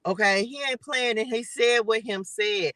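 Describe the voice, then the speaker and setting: High bright voiced guy doing a live tarot reading, chatty and preachy, dry close sound. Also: steady tone, moderate pace, dry recording, low-quality recording. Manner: chatty, preachy, keeps addressing viewers as y'all and baby. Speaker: tarot reader.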